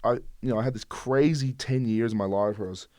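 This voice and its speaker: A man's voice: medium pitch, fast talker, a little mellow, no echo, clean studio sound. A laid-back Australian man in his thirties, a podcast guest chatting casually and laughing often. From Queensland, Australia. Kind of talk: casual conversation.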